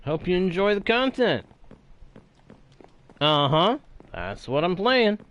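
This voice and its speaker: A male game streamer with a smooth, clear voice who takes his time and lets his pitch swing widely. He chats playfully with viewers and thinks aloud as he plays. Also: very animated, slow, a bit bright, lo-fi sound. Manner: playful, chatty, greets viewers and mutters to himself. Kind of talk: casual live-stream chat while playing.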